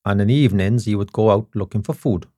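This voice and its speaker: A man's voice: on the low side, fast, warm tone, no echo, studio quality. A Welsh man hosting a podcast, telling stories with passion and self-mocking humor. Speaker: podcast host. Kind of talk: casual chat.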